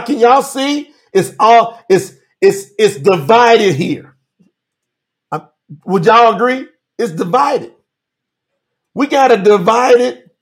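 A man preaching on a live stream, animated, calling out to viewers by name and reading scripture slowly for emphasis. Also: high voice. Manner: Southern-style 'y'all' address, drawn-out emphatic reading. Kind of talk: livestream sermon reading scripture.

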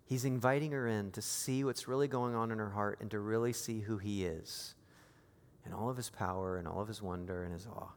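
A man preaching a sermon as pastor, moving from quiet, intimate lines to raised, emphatic appeals. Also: lowish voice, brisk, in a large hall.

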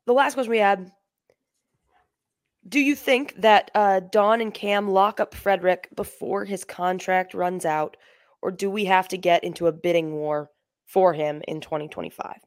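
A woman's voice: mid-range voice, fairly even intonation, normal speed, pauses often, dry recording, studio quality. A woman co-hosting a sports podcast, chatting casually and joking, with lots of ums and restarts. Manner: joking, rambling, frequent ums. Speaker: podcast co-host. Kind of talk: casual chat.

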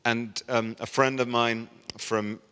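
A middle-aged man preaching a sermon as a pastor, telling stories and lively acting out the people he quotes. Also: mid-range voice, slow, clean tone. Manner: storytelling, animated voicing of quoted people. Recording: long hall reverb.

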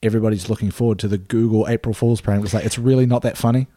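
Laid-back New man, mellow voice. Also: fairly low pitch, fairly even intonation, very fast, dry recording. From New Zealand. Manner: laid-back, rambling, many fillers and swearing. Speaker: podcast co-host. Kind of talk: casual chat.

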